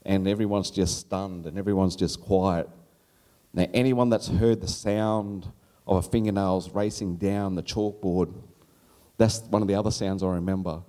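Man, 50s, from Australia, low voice, live stage storytelling, animated, laughing. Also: normal speed. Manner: animated, laughs through his story, jumps high when quoting his child self.

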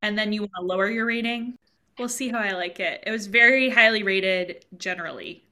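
A woman's voice: mid-range voice, a little fast, bright, forceful tone. A woman co-hosting a podcast in casual chat, talking freely and quoting her own thoughts aloud. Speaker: podcast co-host.

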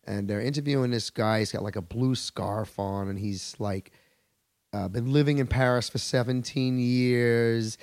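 A man's voice: mid-range voice, measured pace, darkish tone, no room sound. A man from Long Island, a podcast guest ranting in a heated, profane, rambling way with many restarts. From Long Island, New York. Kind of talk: comedic podcast rant.

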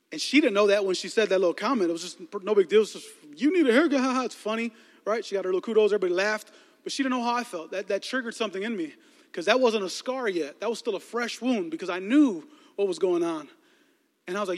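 A man's voice: high-pitched, big-room sound. A young man from the Chicago area telling a personal story to a youth audience as a sermon, acting out voices and often repeating words. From Chicago area, United States. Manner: animated, acts out voices in his stories, stammers and repeats words.

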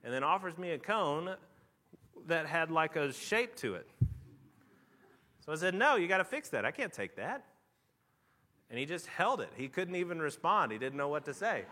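A man preaching a sermon, telling a lively story with animated, rising outbursts before quieting down to make his point. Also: a little high, normal speed, long pauses, big-room sound. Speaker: pastor.

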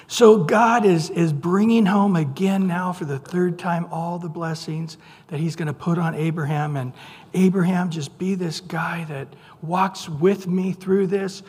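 A male pastor preaching a sermon in a conversational, joking way, reading scripture slowly and with emphasis. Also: on the high side, darkish tone, husky. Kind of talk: sermon with humorous asides. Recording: long reverb in a large hall.

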